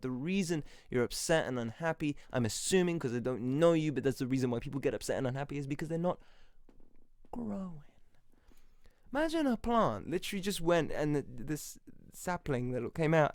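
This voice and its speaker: A man hosting a podcast, giving a lively motivational monologue that he argues through in questions and answers. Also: fairly high pitch, moderate pace, no room sound, clean studio sound. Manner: animated, playful, acts out little voices; talks to himself in questions and answers. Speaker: podcast host.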